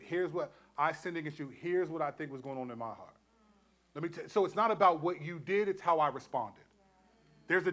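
Middle-aged male pastor, bright and somewhat high, animated storytelling sermon. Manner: animated storyteller, acts out quotes, laughs often. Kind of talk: sermon teaching.

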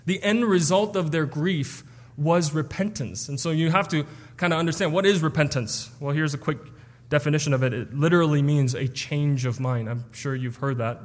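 Earnest preacher in a reverberant hall. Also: male voice, a little high, normal speed. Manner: earnest, explanatory, with stumbles and restarts. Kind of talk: expository sermon.

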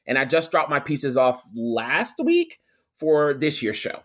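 A young adult man, a guest telling a personal story with lively quoted voices. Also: on the high side, slow. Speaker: guest, photographer and attorney. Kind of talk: storytelling in a podcast interview.

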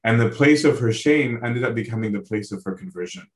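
Preaching on a Bible passage, a male priest speaks a little fast at a fairly low pitch. His earnest, conversational style includes frequent direct questions to listeners and lines tagged with "right?". There's a roomy echo.

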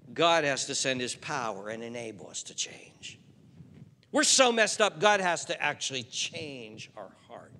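A male pastor delivering an impassioned sermon to a seated congregation, dropping to hushed appeals. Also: on the high side. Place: church hall before a seated congregation. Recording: long hall reverb.

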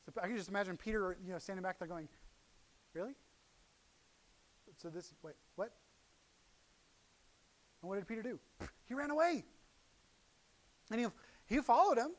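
High-voiced pastor preaching with animated swings. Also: male voice, fast, pauses often. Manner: animated storytelling, acting out voices, swings from loud to hushed. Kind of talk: sermon.

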